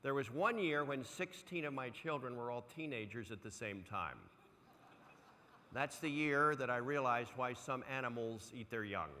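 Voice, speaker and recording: An older man giving a motivational keynote speech, an animated storyteller who acts out quotes with big swings in loudness. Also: mid-range voice, normal speed, slight background noise. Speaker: motivational speaker. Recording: long hall reverb.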